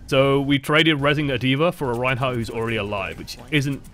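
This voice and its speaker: A man's voice: medium pitch, fairly even intonation, fairly quick, a bit bright. An English man coaching over gameplay footage, talking in a casual, rambling and profane way. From England. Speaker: game coach. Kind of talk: gameplay review commentary.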